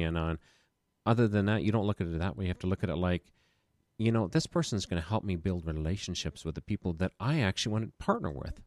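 A man's voice: low voice, lively intonation, fast, darkish tone, no echo, studio quality. A man who runs a small business, chatting casually and rambling through stories with a self-deprecating humor. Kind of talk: casual podcast conversation.

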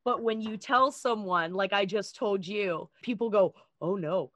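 A woman tells a personal story openly in relaxed conversation, with light laughs along the way. Her voice is mid-pitched. The sound is dry and close, with no room echo. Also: a little slow. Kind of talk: casual chat.

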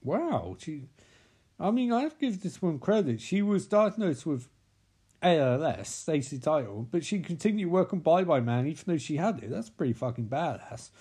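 A man's voice: on the high side, big pitch swings, normal speed, warm tone, husky. A man recapping a film in a sarcastic, sweary, mocking way, with exasperated sighs. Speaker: film reviewer.

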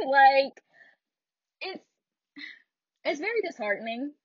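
In a lo-fi recording without echo, a young woman with a mid-range voice talks at a moderate pace about her own life. Candid and blunt, she stays animated throughout, often laughing and making side remarks.

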